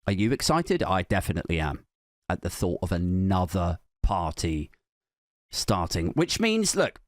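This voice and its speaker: A man's voice: low-pitched, sing-song, unhurried, dry recording, clean studio sound. A man giving a sardonic, sweary comedic political rant, mocking and sarcastic. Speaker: comedian host.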